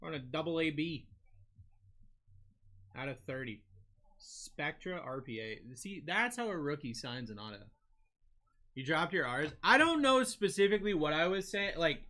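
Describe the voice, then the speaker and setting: A young man with a New England accent hosting a live card-break stream, calling out player names and chatting with viewers. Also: on the high side. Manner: lively, calls out names, chats with viewers. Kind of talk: live-stream chat while opening cards.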